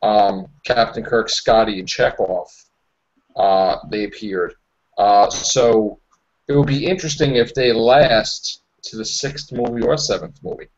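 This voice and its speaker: A man hosting a casual online podcast chat, relaxed and hesitant, with many fillers. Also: fairly low pitch, unhurried. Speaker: podcast host. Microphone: online call mic. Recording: dull lo-fi online call audio.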